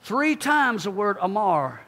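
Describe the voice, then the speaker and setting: A man preaching a sermon, speaking emphatically and calling out to his congregation, then dropping low and quiet for asides. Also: sing-song, slow pace.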